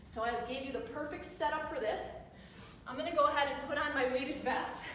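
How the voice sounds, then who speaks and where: A woman's voice: sits high, fairly quick, a bit bright, a little hiss or hum. A young woman leading a workout, giving upbeat encouraging cues and counting down reps while out of breath. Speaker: fitness instructor. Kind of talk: live workout coaching. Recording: echoey room with reverb, mic far off.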